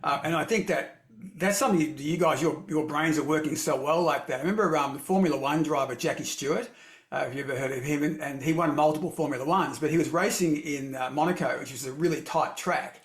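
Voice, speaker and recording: In an echoey room, a male podcast host speaks quickly in a somewhat high voice. He keeps the interview casual, wandering off into lengthy anecdotes.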